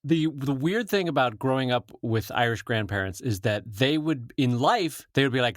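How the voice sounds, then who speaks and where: A man's voice: medium pitch, expressive, normal speed, few pauses, a bit bright, no echo, clean studio sound. A man co-hosting a podcast in a casual chat, joking and self-deprecating, now and then mimicking relatives' voices. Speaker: podcast co-host.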